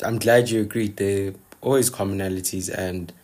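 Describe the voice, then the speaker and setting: A man's voice: on the low side, fairly even intonation, a little fast, darkish tone. A man hosting a podcast, talking casually and reflectively, often repeating words as he thinks. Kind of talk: casual conversation.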